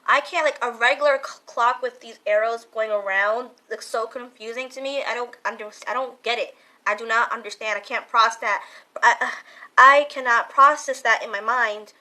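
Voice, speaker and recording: A young woman talks to her viewers in a casual question-and-answer vlog, earnest and halting, circling back and repeating her words. Her voice sits a little high and rings bright. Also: poor audio. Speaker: vlogger. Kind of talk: casual Q&A talk to camera.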